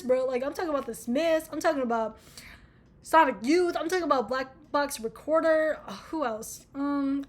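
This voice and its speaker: A woman's voice: high voice, normal speed. A young American woman in her twenties chatting casually about music, rambling, swearing and mocking herself. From United States. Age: young adult. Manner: rambling, profane, self-mocking. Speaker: vlogger. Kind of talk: casual chat.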